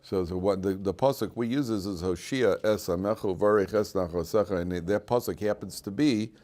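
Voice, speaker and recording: A man's voice: fairly low pitch, a little fast, darkish tone. A middle-aged man giving an informal Torah class in a classroom, joking and rambling with many restarts and fillers. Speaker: rabbi teaching a class.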